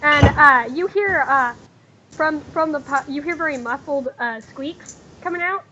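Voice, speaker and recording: A woman narrating as game master in a tabletop game, talking haltingly with many fillers and restarts. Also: sits high, pushed and bright, lo-fi sound, a little hiss or hum.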